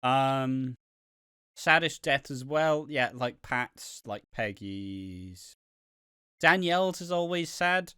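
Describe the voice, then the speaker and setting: A man's voice: medium pitch, slow pace, pushed and bright, clean tone, no room sound, studio quality. A man co-hosting a casual podcast chat who rambles, swears freely and gets worked up retelling scenes. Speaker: podcast co-host.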